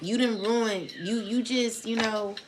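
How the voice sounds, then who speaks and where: A woman's voice: fairly high pitch, steady tone, slow, background noise. A woman reading tarot for viewers in a casual spoken vlog, talking in a rambling, blunt and profane way. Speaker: tarot reader addressing viewers.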